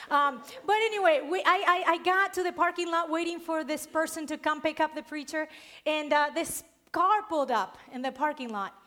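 A woman preacher with an accent, giving a sermon and telling a personal story in a lively way with frequent laughs. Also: sits high, moderate pace. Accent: non-native accent. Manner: lively storytelling, laughs often, stresses key words.

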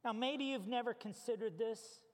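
A man preaching a storytelling sermon as pastor, animated and conversational with casual fillers. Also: very high-pitched, normal speed. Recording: long hall reverb.

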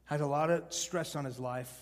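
A man preaching an evangelistic sermon to college students, conversational and shifting from hushed to loud and emphatic. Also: on the high side, steady tone, moderate pace. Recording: long hall reverb.

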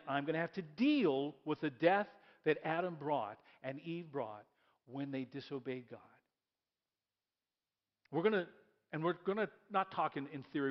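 A man preaching a sermon in a church, lively and repeating key lines as he leads the congregation in reading aloud. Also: fairly high pitch, muffled recording. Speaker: pastor.

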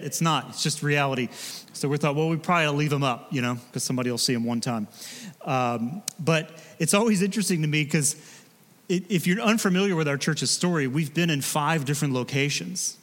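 A man, a pastor preaching in a relaxed, conversational way with joking asides to his congregation. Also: fairly high pitch, long reverb tail. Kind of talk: sermon. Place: church sanctuary.

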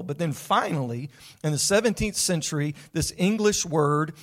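A man preaching a sermon to his congregation in a folksy, joking, conversational way, often asking them questions. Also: a little high. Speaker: pastor. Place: church sanctuary with congregation.

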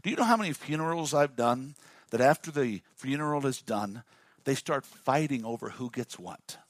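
A male pastor preaching a lively sermon and calling on the congregation to respond. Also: mid-range voice, normal speed, no room sound. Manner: dynamic, call-and-response with the congregation.

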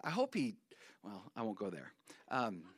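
A man preaching a sermon, telling a Bible story with lively acted-out quotes. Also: on the low side, normal speed, husky, no echo. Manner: animated storytelling, acts out quotes. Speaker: pastor.

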